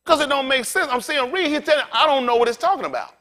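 A man's voice: very high-pitched, expressive, fast, bright, forceful tone. A male pastor preaching a rowdy, colloquial sermon, calling out to his congregation for responses.

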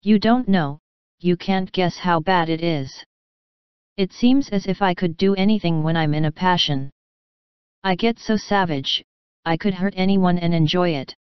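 A woman's voice: fairly low pitch, unhurried, clean tone, dry recording, dull audio, close to an everyday voice. A woman voicing a remorseful, hot-tempered teenage girl who pleads through tears in a storybook reading. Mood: despairing. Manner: pleading, tearful.

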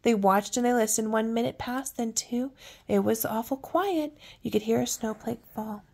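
An older woman reading a picture book aloud at bedtime, with soft, coaxing asides to a child. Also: fairly high pitch, normal speed, vocal fry, slightly rough. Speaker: storyteller.

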